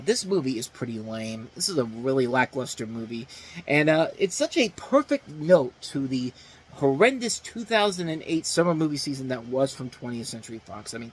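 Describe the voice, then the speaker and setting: A man's voice: mid-range voice, a little hiss or hum. A man hosting a casual film review show, rambling through his opinions with many fillers and restarts. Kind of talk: casual spoken movie review.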